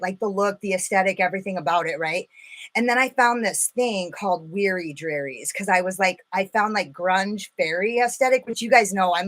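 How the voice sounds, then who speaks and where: A woman hosting a casual makeup live stream, rambling and swearing freely, full of filler words. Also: medium pitch. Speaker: makeup livestream host.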